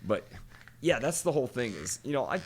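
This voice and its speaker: A mid-range, very animated voice belongs to a podcast co-host who talks fairly quickly, cursing freely and telling stories with quoted voices in casual chat. There's a little hiss or hum in the recording.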